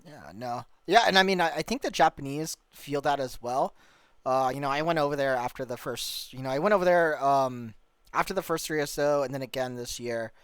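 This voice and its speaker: A man's voice: medium pitch, a little fast, clear, resonant tone, no echo. A man co-hosting a casual podcast, telling stories animatedly, acting out quotes and swearing freely. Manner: animated storyteller who acts out quotes, profane. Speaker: podcast co-host and tournament organizer.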